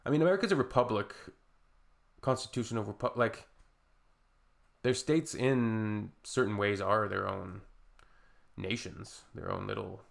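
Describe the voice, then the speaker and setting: A man's voice: fairly low pitch, measured pace, gravelly. A man hosting reaction commentary in a sarcastic, mocking way. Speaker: reaction video host.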